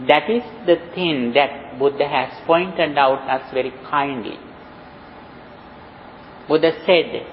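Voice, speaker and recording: A man with a Sri Lankan accent, a Buddhist monk, giving a dharma talk in a slow, halting way with many pauses and "you know" fillers. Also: mid-range voice, a little hiss or hum. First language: Sinhala. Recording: dull lo-fi recording in a reverberant hall.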